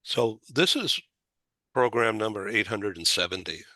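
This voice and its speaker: An older man hosting a talk show, telling a personal story in a halting way, with stumbles, fillers and small laughs. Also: fairly low pitch, lively intonation, pushed and bright, no echo. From Boston area.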